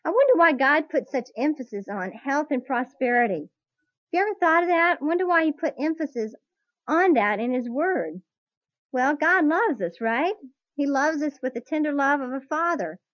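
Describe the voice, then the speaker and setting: A woman teaching a Bible class to a live group, earnest and slow on key points, putting questions to her listeners, on a dull lo-fi tape recording. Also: high voice, lively intonation, dry recording. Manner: earnest, drawn-out emphasis, asks the audience questions.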